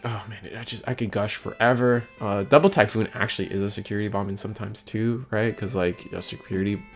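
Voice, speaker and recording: A man casually commenting on tournament deck lists, rambling and excitable, with frequent restarts and tags like "man". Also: fairly low pitch. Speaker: card game content creator.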